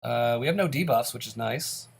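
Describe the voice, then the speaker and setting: A man's voice: medium pitch, animated, moderate pace, vocal fry, slightly rough. A man hosting a let's play, giving casual commentary on his gameplay in an upbeat, chatty way and explaining each choice he makes.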